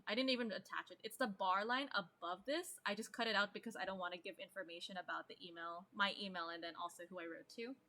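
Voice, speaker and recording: A woman's voice: mid-range voice, pushed and bright. A woman teaching an online English class, explaining terms and asking students questions.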